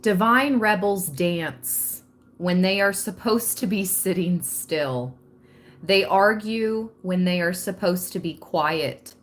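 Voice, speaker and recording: A woman's voice: fairly low pitch, slow. A woman hosting a live spiritual reading, chatty and laughing often as she talks straight to her viewers. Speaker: tarot reader hosting a livestream.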